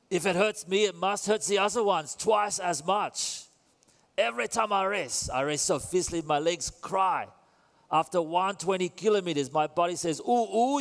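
Brief: a man doing a blunt German bike racer, high and hammy, boomy church reverb. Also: gravelly, full character voice. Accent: German (put on). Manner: exaggerated, clipped, rising squeals. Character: gruff matter-of-fact German pro cyclist man. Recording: long reverb in a church hall.

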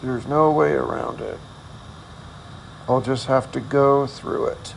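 A man hosting a casual solo podcast, talking in a candid, self-deprecating, halting way. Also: medium pitch, fairly even intonation, gravelly, slight background noise, low-quality recording. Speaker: podcast host.

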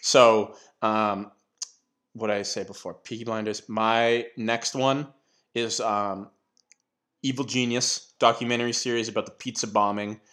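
A man's voice: fairly low pitch, steady tone, measured pace, fairly bright tone. A man hosting a casual chat, telling stories in a rambling way, with lots of fillers, restarts and casual swearing.

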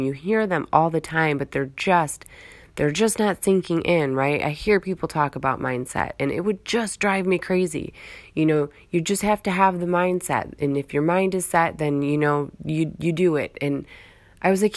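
A woman's voice: sits low, fairly even intonation, normal speed, dry recording. A woman giving a casual motivational talk, earnest and rambling, repeating phrases for emphasis. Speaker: motivational speaker.

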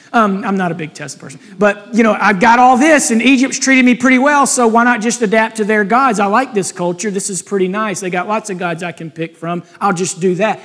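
A man's voice: sits high, in a large hall. A man pastor preaching a sermon, reading scripture aloud and breaking in with pointed asides.

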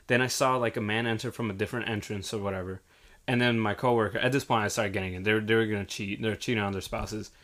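A young man telling a lively story in casual chat, acting out the people in it and swearing freely. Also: on the low side, quick pace. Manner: animated, acts out quoted voices, swears freely. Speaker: hotel front desk worker.

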